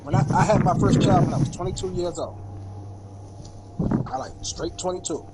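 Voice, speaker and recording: A man's voice: high-pitched, fairly even intonation, normal speed, heavy background noise. Rambling fatherly gaming streamer man. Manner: rambling, repetitive storytelling. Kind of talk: casual chat while gaming. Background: loud game music.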